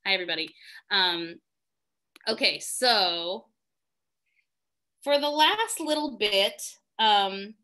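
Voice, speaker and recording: Bright-voiced woman teaching singing online. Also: mid-range voice, animated, takes it slowly, long pauses. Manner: chatty and self-deprecating, thinks aloud. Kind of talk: live online music lesson. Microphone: video call.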